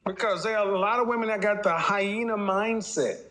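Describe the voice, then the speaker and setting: High bright-voiced man lecturing mockingly. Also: a little hiss or hum. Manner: mocking, lecturing, slips into quick impressions; addresses the audience directly. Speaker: dating and relationship commentator. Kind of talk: casual opinion monologue.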